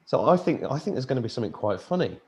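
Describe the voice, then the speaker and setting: A man hosts a loose group conversation over a video call. He talks quickly, with a lively, swinging pitch. He cracks jokes and swears without a second thought. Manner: joking, swears freely. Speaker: host. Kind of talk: casual group chat.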